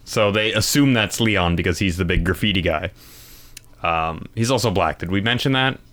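A man with a fairly low voice runs the story of a film with his friends, steering the chat forward. He jumps into quick voices for characters as he retells the scenes, in a relaxed, joking recap. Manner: leads the recap, acts out character lines. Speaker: podcast co-host. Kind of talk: casual movie recap chat.

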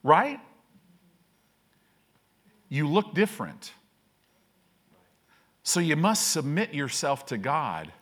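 A man's voice: a little high, wildly swooping pitch, slow, pauses often, fairly bright tone. A man preaching a sermon as pastor, casual and self-deprecating, often checking in with "right?".

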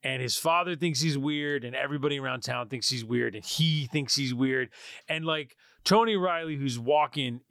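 A man's voice: medium pitch, normal speed, a bit bright, dry recording, studio quality. A man co-hosting a casual film podcast, summarizing a movie plot in a rambling way with joking asides. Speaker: podcast co-host.

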